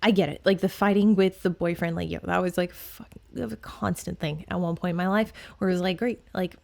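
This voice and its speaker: A woman's voice: on the low side, steady tone, quick pace, vocal fry. A young woman hosting a solo fitness podcast who talks frankly and swears casually, rambling with lots of fillers.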